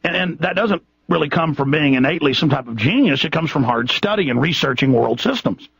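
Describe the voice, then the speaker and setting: A man's voice: a little high, expressive, brisk, vocal fry, a bit bright, slightly rough, no room sound. A man hosting a radio show, ranting in an impassioned, indignant way with many restarts. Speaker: radio host. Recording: dull lo-fi radio broadcast, dry.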